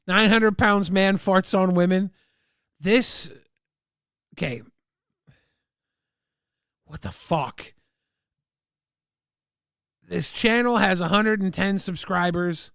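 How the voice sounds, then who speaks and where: A man streaming live, chatting casually and reacting to videos with excitable, profane outbursts. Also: sits high, takes it slowly, long pauses, smooth, no room sound, clean studio sound.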